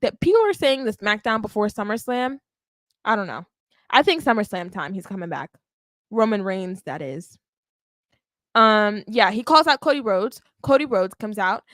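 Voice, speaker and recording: A woman hosting a wrestling podcast, recapping a live show in an animated, emphatic way and often checking in with "okay?". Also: medium pitch, normal speed, no room sound. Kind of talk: live watch-along recap.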